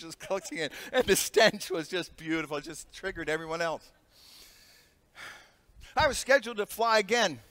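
High, bright-voiced man preaching. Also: big-room sound. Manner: storytelling with humor and laughs. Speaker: pastor. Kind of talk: sermon.

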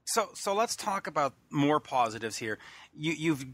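A man's voice: on the high side, sing-song, normal speed, a bit bright, no echo. A man interviewing a musician, asking long, winding questions with repeated words. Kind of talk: radio-style interview questions.

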